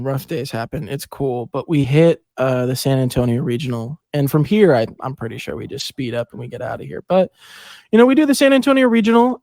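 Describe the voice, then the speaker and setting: A young man hosting a podcast, telling a story in casual chat, animated and swearing, acting out quotes with big jumps in pitch. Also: no echo, studio quality. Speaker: podcast host.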